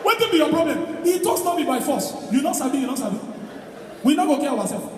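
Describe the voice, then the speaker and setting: A Nigerian-accented woman delivers stand-up comedy, animated and loud, often laughing into her lines. She sounds distant from the mic in a very echoey hall with long reverb. A crowd murmurs and reacts behind her. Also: high-pitched, fast talker. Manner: animated, shouting punchlines between bursts of laughter. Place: large live venue. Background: audience noise.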